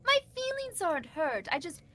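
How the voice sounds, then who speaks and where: A woman's voice: extremely high pitch, very animated, moderate pace, a bit bright, a little hiss or hum, heavily acted. A woman voicing a vast ocean that sulks with wounded pride, talking in a huffy, petty way.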